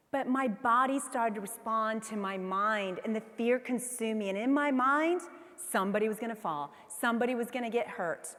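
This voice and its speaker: A woman in her forties giving a motivational keynote speech, telling a personal story with animated delivery and acting out her own inner voice. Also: a little high, normal speed. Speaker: keynote speaker. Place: large convention hall. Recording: long hall reverb from the PA.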